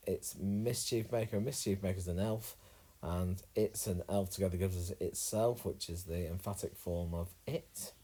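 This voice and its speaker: A man explains crossword answers one clue at a time in a laid-back, thinking-aloud way, often pausing on an uh. His voice sits a touch low. The tone is warm and mellow. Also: low-quality recording. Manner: relaxed, thinking aloud with many uhs. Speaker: crossword solver. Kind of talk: casual crossword walkthrough.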